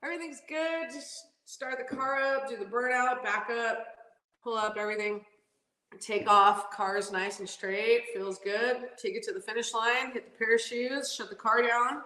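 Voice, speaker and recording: A woman race car driver, a podcast guest, telling stories in a lively, laughing way with lots of "like" fillers. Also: fairly high pitch, normal speed. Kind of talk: casual storytelling interview. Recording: roomy echo.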